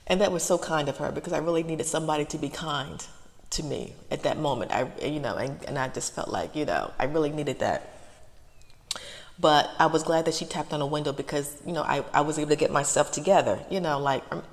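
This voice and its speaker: Sitting in her parked car, a woman who hosts an ASMR channel speaks in a soft, halting ramble with a deep, gravelly voice. She often repeats herself and sounds near tears, while a long reverb lingers after her.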